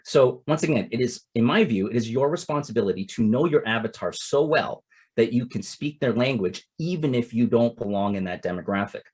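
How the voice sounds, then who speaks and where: A man's voice: medium pitch, animated, brisk, a little mellow, slightly rough. A man in his forties from Toronto, Canada, giving a casual instructional talk as a capital-raising coach. He talks conversationally and often drops in "it's like" and "right?". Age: 40s.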